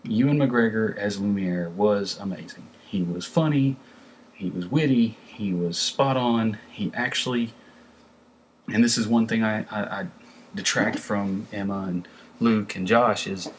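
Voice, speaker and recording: A man's voice: fairly low pitch, unhurried, slight background noise. A man reviewing a film in a casual, rambling way, with many fillers and restarts. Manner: conversational, lots of fillers and restarts. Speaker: movie reviewer.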